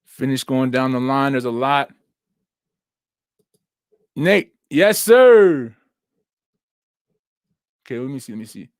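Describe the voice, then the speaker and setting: A man's voice: mid-range voice, flat delivery, fast talker, clear, resonant tone, dry recording, studio quality. A young man hosting a casual livestream, talking in a laid-back, slangy way with lots of fillers, seated at home while he heals. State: recovering from injuries, sitting down. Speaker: host. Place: at home, seated with laptop and phone.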